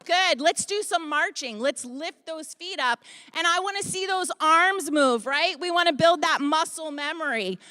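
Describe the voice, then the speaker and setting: Woman fitness instructor, handheld mic, high voice, calling out moves, unhurried. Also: sharp tone, no room sound. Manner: upbeat, coaching and counting out moves. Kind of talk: leading a group exercise class. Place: expo hall stage, behind a podium. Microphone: handheld microphone.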